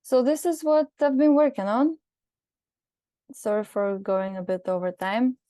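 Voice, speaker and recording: A woman's voice: a little high, unhurried, warm tone, no room sound. A woman giving a hesitant, apologetic project update on a video call, with many fillers. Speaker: community contributor. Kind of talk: online meeting update.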